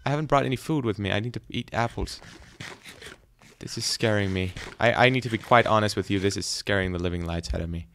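A young man giving jumpy, frightened let's play commentary, often breaking into loud exclamations. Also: on the low side, fast, a little hiss or hum. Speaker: gaming YouTuber.

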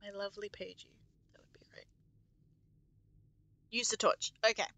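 A woman's voice: mid-range voice, little pitch movement, moderate pace, creaky, pushed and bright, poor audio. A young woman live-streaming a horror game, chatting to her viewers, swearing freely and shrieking at scares. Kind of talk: casual live-stream commentary.

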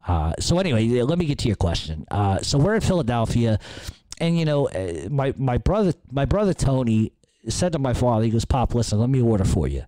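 A man's voice: mid-range voice, sing-song, brisk, mellow, no echo. A man hosting a podcast, telling a rambling, profanity-laced story. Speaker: podcast host. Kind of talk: casual storytelling.

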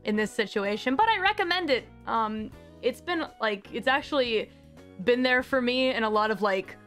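A young woman hosting a casual chat stream, rambling in an animated way and slipping into playful put-on voices. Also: on the high side, normal speed, faint music behind. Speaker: streamer host.

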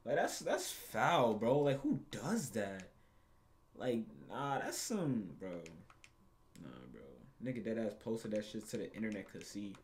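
A man hosting his gaming channel, giving casual gameplay commentary full of loud, profane, excitable reactions. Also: on the low side, unhurried.

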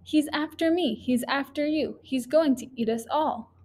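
Lady doing a scared little dentist guy in a kids poem, high and panicky, pleading. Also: normal speed, darkish tone, natural voice. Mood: panicked. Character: terrified timid male dentist. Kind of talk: poem read aloud.

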